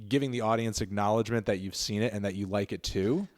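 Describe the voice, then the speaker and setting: A man hosting a casual interview, chatty and quick to laugh. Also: on the low side. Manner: chatty, laughs easily, breaks into silly voices. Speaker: interview host.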